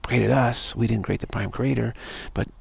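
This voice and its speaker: A man's voice: medium pitch, fairly even intonation, normal speed, creaky, breathy edge, no echo. A man giving an unscripted spiritual talk as its teacher, repeating phrases over and over. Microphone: livestream mic.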